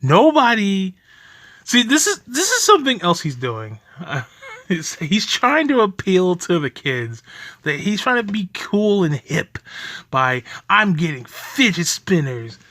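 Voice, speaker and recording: Young male reaction host, angry and foul-mouthed, bright voice with lively swings in pitch. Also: a little slow, dry recording, clean studio sound. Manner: furious, profane ranting with bitter laughs.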